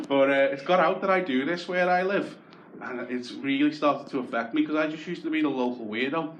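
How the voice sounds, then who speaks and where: A man's voice: fairly high pitch, normal speed, muffled recording, a little hiss or hum. Wry Scouse man doing stand-up. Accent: Liverpool Scouse. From Croxteth, Liverpool, England. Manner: wry, self-deprecating and sweary. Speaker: stand-up comedian. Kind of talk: stand-up comedy set. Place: comedy club stage. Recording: echoey club with loud audience laughter.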